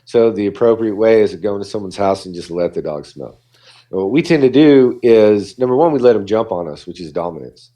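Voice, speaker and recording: A man's voice: fairly low pitch, animated, a little fast, mellow. A man, a dog behaviorist, talking casually on a podcast and acting out what dogs and people say.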